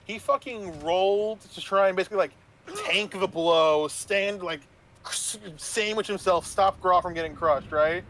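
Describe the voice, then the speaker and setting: A man's voice: sits high, measured pace, fairly bright tone, slight background noise. A man who runs tabletop games, casually retelling a session in a rambling way, swearing and asking "right?" as he goes. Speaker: game master. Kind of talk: casual storytelling about a tabletop game.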